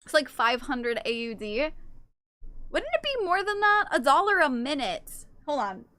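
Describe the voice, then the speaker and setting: A young adult woman streaming live, chatting casually with her chat. She teases and swears and reacts quickly to what chat says. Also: high-pitched, very animated, bright, forceful tone, dry recording. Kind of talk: casual livestream chat, reading and answering chat.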